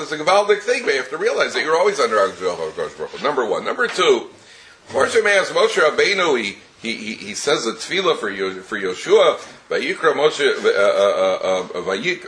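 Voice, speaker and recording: Animated man teaching a Torah class. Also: mid-range voice. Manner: animated storyteller, many restarts and chuckles.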